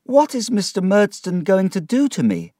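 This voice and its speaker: Timid young boy in a storybook, put on by a male reader; high, small voice, pleading, dry close sound. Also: huge pitch swings, normal speed, dark tone, no room sound. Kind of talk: storybook reading.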